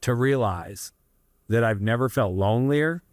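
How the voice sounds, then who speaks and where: A man's voice: mid-range voice, measured pace, dry recording, clean studio sound. A man in his thirties from Canada, a guest in an interview, telling his story in an earnest, rambling way with many asides. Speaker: guest entrepreneur.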